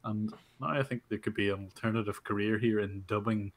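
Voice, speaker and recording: A man's voice: on the low side, steady tone, a little fast. A man on a casual livestream, giving easygoing remarks while chuckling. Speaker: livestream guest.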